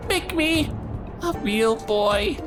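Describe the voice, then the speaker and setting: A woman's voice: on the high side, lively intonation, extremely slow. A woman voicing an innocent, childlike mammet that longs to be a real boy, speaking earnestly. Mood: pleading. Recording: game audio with faint music.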